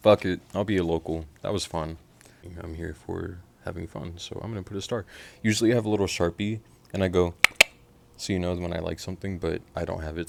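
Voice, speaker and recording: In this casual album reaction, a man from Oklahoma with a very low, gravelly, fry-laden voice goes through each track of a new record. His delivery is animated and profane, shifting from muttered asides to bursts of loud excitement, with background noise present.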